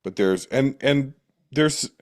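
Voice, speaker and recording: A man's voice: mid-range voice, animated, slow pace. A man appearing as a guest on a podcast, analyzing film characters in casual talk and slipping into mock voices now and then.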